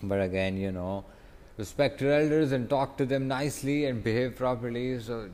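Speaking at normal speed in a mid-range, slightly mellow voice, a young man with a stomachache vlogs casually from outdoors, away from home. He rambles, sounds frustrated, and breaks off to groan, all recorded through a phone app.

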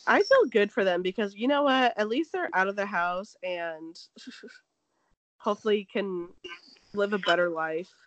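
A woman's voice: mid-range voice, a little slow, dry recording, lo-fi sound. A woman co-hosting a casual gossip chat, retelling a story with lots of "like" and acting out the quotes. She says she is sick. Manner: animated storytelling, acts out quotes, heavy "like".

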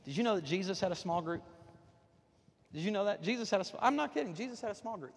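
A man's voice: high-pitched, quick pace. A pastor, preaching a joking, folksy sermon to his congregation from the platform of a church. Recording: long reverb of a church hall.

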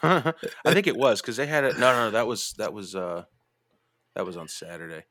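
A man's voice: moderate pace, a little hiss or hum. Foul-mouthed man telling a rowdy story. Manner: profane, animated, bursts into high mimicking voices. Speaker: podcast host. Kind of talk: casual storytelling chat.

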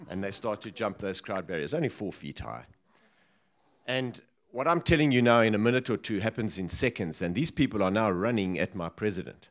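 Low-voiced man, ex-bodyguard raconteur, humorous live storytelling. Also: brisk. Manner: lively and humorous, laughing at his own story. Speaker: former presidential bodyguard telling a story. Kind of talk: anecdotal storytelling to a live audience.

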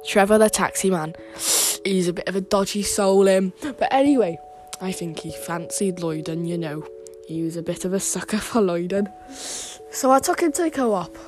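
A woman's voice: mid-range voice, expressive, normal speed, darkish tone, faint music behind, close to an everyday voice. A woman doing a rambling, crude old nana. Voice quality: rambling, blunt, sweary. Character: gossiping old British grandmother, rambling and crude. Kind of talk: comic storytelling monologue.

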